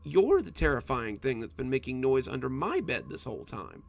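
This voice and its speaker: A man's voice: mid-range voice, huge pitch swings, moderate pace, gravelly, faint music behind. A man voicing a frightened, childlike little monster hiding under a bed, stammering and blustering in a storybook reading.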